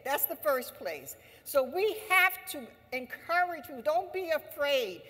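A woman's voice: high voice, expressive, moderate pace, hardly any pauses, fairly bright tone, a little hiss or hum. A woman giving an impassioned rally speech at an assembly, with a fervent, repetitive, preaching cadence. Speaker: speaker at an anti-imperialist assembly. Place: large hall. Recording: reverberant hall sound.

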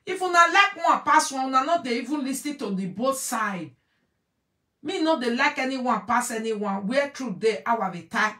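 A woman's voice: high-pitched, very animated, measured pace, pushed and bright, far from the mic. Emphatic Nigerian woman in an echoey room. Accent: Nigerian Pidgin English. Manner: emphatic, repeats phrases, switches between pidgin and English. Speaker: online show host commenting on a video. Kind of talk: animated commentary to an audience. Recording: echoey room, voice away from mic.

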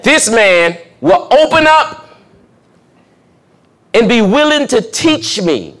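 A man's voice: very high voice, big pitch swings, slow, fairly bright tone. A young adult man, a pastor, giving a conversational sermon and checking in with the congregation with questions. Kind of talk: sermon teaching.

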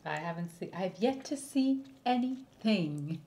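A woman's voice: medium pitch, animated, dark tone. A woman co-hosting a casual reality-show recap, chiming in with short teasing remarks and laughter. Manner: quick interjections, laughing, teasing.

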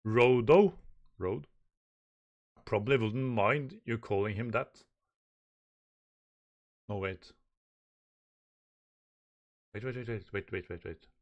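A man's voice: on the low side, takes it slowly, pauses often, highs cut off. A man hosting a manga reaction, reading the dialogue aloud and commenting, often stumbling and repeating words as he reads. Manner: reads the dialogue aloud in lightly raised voices.

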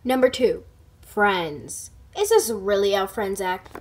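A woman's voice: mid-range voice, expressive, slow pace. A woman hosting and narrating toy skits, goofy and playful, slipping into silly voices. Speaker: host acting out toy skits.

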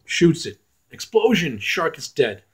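A man's voice: on the high side, big pitch swings, unhurried, fairly bright tone, slightly rough. A man reviewing films in a casual rant, blunt and profane, often restarting his sentences. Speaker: film reviewer.

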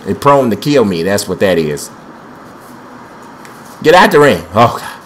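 Here the gameplay commentator sounds lower and sing-song, speaking a touch slowly over slight background noise. He's a young man reacting to a wrestling game with frantic, trash-talking, excited let's-play chatter.

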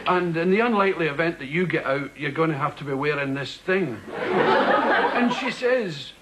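Lively Scottish man spinning comic stories. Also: normal speed, a crowd in the background. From Scotland. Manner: animated, bursts into high voices for quotes. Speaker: talk show guest. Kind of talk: comic storytelling. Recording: noisy broadcast recording.

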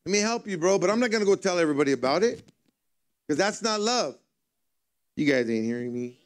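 A male pastor preaches at a church service in a high, expressive voice, going fairly quickly. His style is conversational, and he tells humorous stories.

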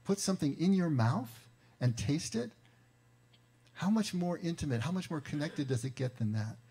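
Gravelly, mellow-voiced pastor preaching. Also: male voice, a little high, lively intonation. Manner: conversational, emphatic storytelling with slowed stresses. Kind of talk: Easter sermon.

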